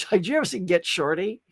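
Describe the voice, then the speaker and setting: A high-pitched man from the United States hosts a live pop culture stream, chatting in a loose, rambling way and reacting to viewers' comments. He sits close to the mic in a dead, dry room. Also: sing-song, normal speed, breathy edge, no echo.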